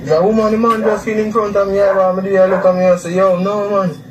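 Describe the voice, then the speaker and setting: A young man with a Jamaican Patois accent, giving a halting, repetitive eyewitness account, recorded in a distant, echoey, noisy clip. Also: high voice, level tone, over music. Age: young adult. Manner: halting, repeats himself, acts out quotes. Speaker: witness interviewee.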